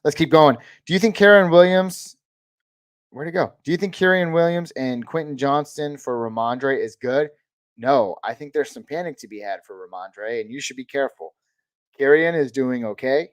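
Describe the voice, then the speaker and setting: A man hosting a live-stream Q&A, answering viewer questions in a relaxed, chatty way and calling people dude and man. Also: mid-range voice, moderate pace, no room sound. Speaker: host of a live fantasy football Q&A stream.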